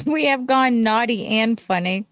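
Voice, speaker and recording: A woman's voice: a little high, measured pace, no room sound. A woman chatting casually on a livestream, reading out viewer comments between laughs. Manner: reads chat comments aloud, laughing. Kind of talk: casual chat.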